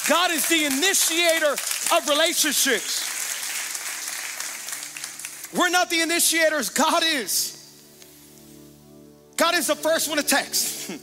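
A middle-aged man preaching a sermon as pastor, emphatic and energetic, calling out to the congregation. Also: extremely high pitch, takes it slowly, long pauses, some chatter behind. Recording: long hall reverb with music underneath.

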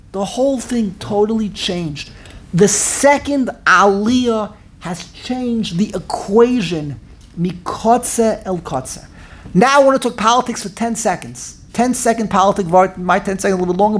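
A woman giving an animated Torah class on the weekly portion, acting out the dialogue in quick back-and-forth voices and repeating her phrases for emphasis. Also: mid-range voice. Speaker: Torah teacher.

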